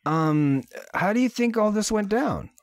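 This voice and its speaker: A man's voice: sits high, expressive, unhurried, no room sound, studio quality. A man co-hosting a podcast in casual chat, rambling with lots of ums and likes. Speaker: podcast co-host sharing his movie list.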